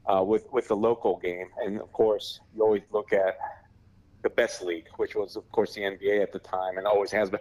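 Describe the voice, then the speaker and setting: A man's voice: on the low side, darkish tone, rough recording. A middle-aged man, born in Australia but raised in America, chatting upbeat and laid-back as a guest reporter on a podcast. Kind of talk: casual podcast chat.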